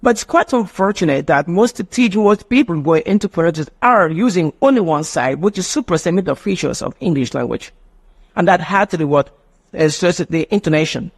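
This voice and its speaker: A man's voice: a little high, a little fast, gravelly. A man teaching a live online phonetics class, often asking rhetorical questions. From Nigeria. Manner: animated, mimics children's voices, asks rhetorical questions.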